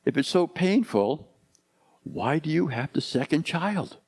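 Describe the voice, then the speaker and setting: A man's voice: fairly high pitch, sing-song, unhurried, vocal fry, darkish tone. A man in his fifties, a pastor preaching a conversational sermon full of rhetorical questions.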